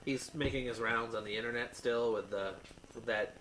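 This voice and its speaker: A podcast co-host chats casually, rambling along with lots of fillers and restarts. His medium-pitched voice is steady, fairly bright and moderately paced, captured in a low-quality recording with a little hiss or hum.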